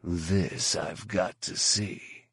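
Male narrator playing a low, slow, dry-spoken bounty hunter, blunt and sardonic. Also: steady tone, a bit bright, husky, no room sound, full character voice. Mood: curt.

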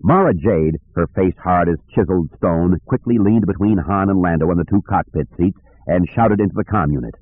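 A man narrating a novel in an expressive storytelling manner. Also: low-pitched, a little fast, hardly any pauses, dry recording. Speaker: audiobook narrator. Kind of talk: scripted narration. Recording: dry tinny phone-like audio.

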